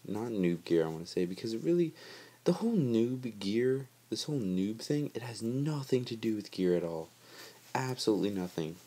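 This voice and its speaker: A man's voice: fairly low pitch, warm tone. A man giving casual, chatty gameplay commentary over his footage, joking about himself and laughing often.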